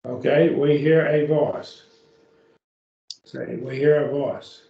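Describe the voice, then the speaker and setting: A man's voice: medium pitch, steady tone, slow pace, creaky. A man teaching a beginners' Greek class, patiently explaining step by step and often checking with "okay?", recorded from a distance. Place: church classroom. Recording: echoey room, distant mic, dull lo-fi.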